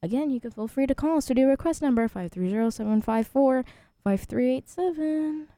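A woman's voice: on the high side, expressive, fast, dark tone, no echo, clean studio sound. A twenty-year-old woman hosting a student radio show, chatting casually and rambling with frequent laughs. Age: 20s.

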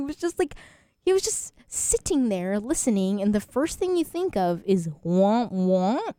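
A woman's voice: medium pitch, sing-song, unhurried, dark tone, no room sound. Chatty twenty-year-old woman radio host. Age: 20s. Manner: chatty, rambling, laughs often. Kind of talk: casual radio chat.

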